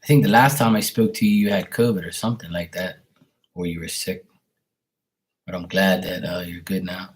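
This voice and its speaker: A man on a live stream at home, greeting viewers by name in a relaxed, affectionate way. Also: low-pitched, moderate pace. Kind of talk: casual live-stream chat.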